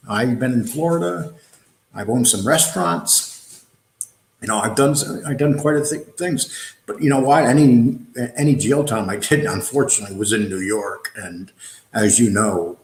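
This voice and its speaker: A man's voice: on the low side, normal speed. Blunt rambling man in an echoey room. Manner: rambling, blunt street talk with fillers. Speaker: host reading viewer comments. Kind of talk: casual livestream chat.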